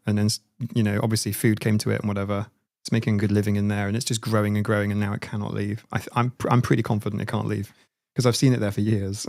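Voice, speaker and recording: A man's voice: on the low side, creaky. A man hosting a livestream in a casual, rambling chat. He laughs often and restarts his words. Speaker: livestream host.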